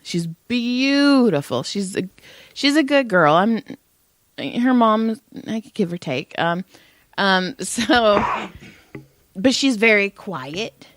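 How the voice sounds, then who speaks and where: A woman's voice: medium pitch, slow, no echo, studio quality. A woman in her thirties co-hosting a podcast, telling stories in casual chat and laughing often. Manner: laughs a lot while telling stories, animated. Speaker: podcast co-host.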